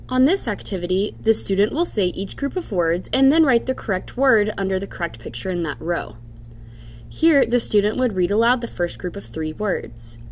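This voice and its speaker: A woman giving scripted instructional narration for a reading program, carefully sounding out example words. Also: medium pitch. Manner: slow, careful demonstration of word sounds.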